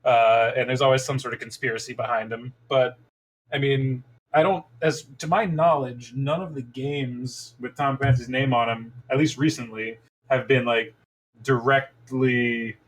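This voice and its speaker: A man's voice: mid-range voice, fairly even intonation, a little slow, poor audio. A man co-hosting a casual gaming podcast, rambling with many fillers and restarts. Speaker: podcast co-host. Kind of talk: casual chat.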